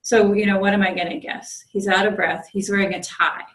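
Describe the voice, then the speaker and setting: A Zen priest with a medium-pitched voice and a steady tone speaks fairly quickly, giving a conversational dharma talk built around a personal story, with many ums and restarts. She's in a meditation group room, and the recording is rough.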